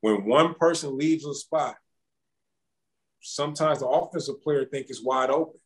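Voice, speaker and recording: A former basketball champion talks casually as an interview guest, relaxed and slangy, often repeating words. His voice is medium-pitched at a normal speed, and the recording quality is low.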